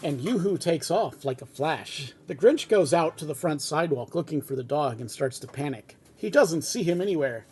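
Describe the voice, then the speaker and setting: A man reading a fan script aloud at home, in a relaxed, chatty way with casual asides. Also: a little high, moderate pace, few pauses, slightly rough. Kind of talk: casual read-aloud narration.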